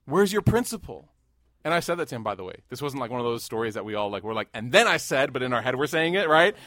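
A man in his thirties giving a sermon, mixing laughing stories with hushed, earnest reflection. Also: medium pitch, quick pace, no echo. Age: 30s. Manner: animated, jokes and rises loud in anecdotes, hushed and earnest in devotion. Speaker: Muslim preacher. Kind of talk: sermon with storytelling.

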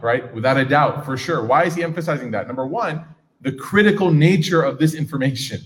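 A man's voice: mid-range voice, fairly quick. A man teaching a class on scripture, casual and engaging, asking his audience questions. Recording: reverberant hall.

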